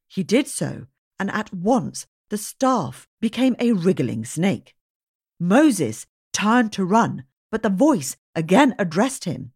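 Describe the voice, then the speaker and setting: A woman reading a religious storybook aloud in a slow, expressive storytelling manner. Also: medium pitch, slightly rough, dry recording, clean studio sound. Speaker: audiobook reader.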